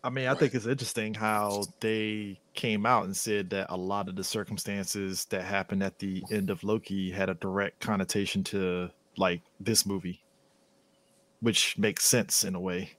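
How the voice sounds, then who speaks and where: A man co-hosting a casual movie podcast, relaxed, repeating himself and laughing often. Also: lowish voice, normal speed, dry recording. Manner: laid-back, laughs often, repeats words. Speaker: podcast co-host.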